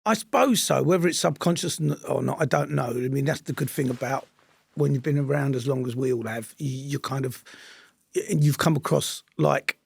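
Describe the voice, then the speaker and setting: A man's voice: medium pitch, brisk, creaky, darkish tone, husky, no echo. A middle-aged man, an actor and director, speaking earnestly and emphatically in casual chat, often repeating his points.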